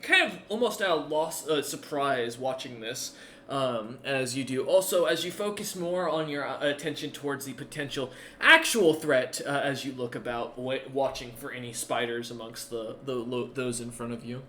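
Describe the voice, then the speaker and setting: Bright-voiced game master in echoey room. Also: male voice, medium pitch, moderate pace, slight background noise. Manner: loose, rambling narration with fillers. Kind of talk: narrating a tabletop game.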